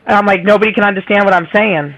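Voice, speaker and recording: A woman with a Boston accent and a raspy, nasal voice, rambling in casual chat. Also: medium pitch, racing, a bit bright, rough recording. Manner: rambling, self-deprecating, laughs often. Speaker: livestream guest.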